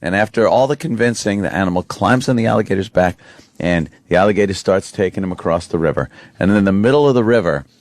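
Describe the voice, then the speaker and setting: A man's voice: sits low, animated, fast, darkish tone, dry recording, studio quality. A man hosting a radio show, telling a rambling fable in casual banter. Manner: rambling storyteller.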